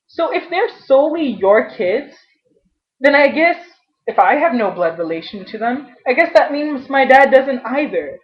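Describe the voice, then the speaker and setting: A young adult woman venting in a personal vlog, frustrated and halting, often restarting her sentences. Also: on the high side. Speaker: vlogger. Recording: dull lo-fi webcam audio.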